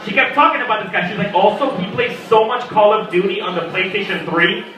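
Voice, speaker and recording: A young man doing a stand-up comedy set, animated and acting out characters with sudden loud squawks. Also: high-pitched, quick pace. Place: small comedy venue at a birthday party. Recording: echoey room, mic at a distance. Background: audience laughter.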